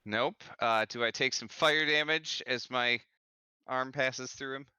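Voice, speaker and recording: A man plays a tabletop game, talking hesitantly with lots of ums while he works out his moves. His voice is very bright and smooth. The sound is dry and close. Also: mid-range voice, a little slow, no echo, highs cut off. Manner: hesitant, many ums and uhs. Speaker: player. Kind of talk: casual tabletop game play.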